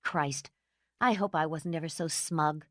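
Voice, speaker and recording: A woman's voice: sits low, measured pace, no echo, clean studio sound. A woman voicing a proud, hurt divorced woman of thirty who keeps her temper tightly controlled.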